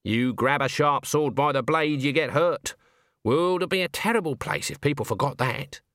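A man's voice: a little high, normal speed, a bit bright, dry recording, clean studio sound, voice pushed up. A man voicing a stern, haughty old woman witch who speaks in a curt, clipped, disdainful way. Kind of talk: audiobook character voice.

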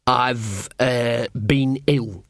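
A man voicing a small male dwarf rogue in an audiobook, halting and hesitant. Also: mid-range voice, a bit bright, no echo, clean studio sound. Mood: wary.

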